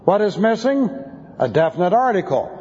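A pastor teaching a sermon, methodically explaining Greek grammar in a precise, measured way. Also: male voice, sits high, big pitch swings, darkish tone. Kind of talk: expository Bible teaching sermon. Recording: dull, lo-fi recording with long hall reverb.

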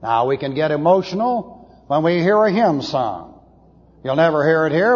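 A man preaching to a Bible class, blunt and opinionated, slowing down to press his points. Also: a little high, sing-song, husky. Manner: blunt, opinionated, slows for emphasis. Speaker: pastor teaching a Bible class. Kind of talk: sermon lecture. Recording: dull lo-fi tape in a reverberant hall.

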